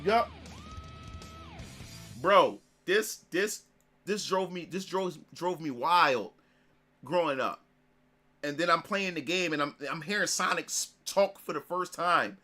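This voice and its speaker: A high-pitched, bright-toned man in his thirties streams and reminisces about games, talking excitably with lots of repeats and swearing. Faint music plays under his voice. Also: takes it slowly, pauses often. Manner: excitable, repetitive, swearing, restarts often. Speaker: gaming streamer. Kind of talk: casual reminiscing commentary.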